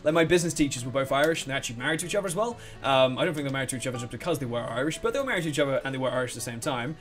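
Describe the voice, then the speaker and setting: A young man commentating a game, rambling and excitable, swearing freely. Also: medium pitch, rapid-fire, soft background music. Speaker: let's play host. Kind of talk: gameplay commentary.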